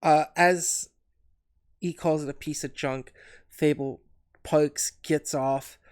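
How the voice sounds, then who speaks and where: A player in a tabletop role-playing game who talks in a lively, slow and deliberate way. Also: medium pitch, smooth.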